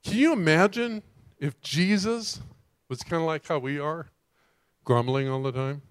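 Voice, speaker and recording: A man preaching a sermon as a pastor, animated and emphatic, often putting rhetorical questions to his listeners. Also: a little high, unhurried, clear, resonant tone, dry recording, studio quality.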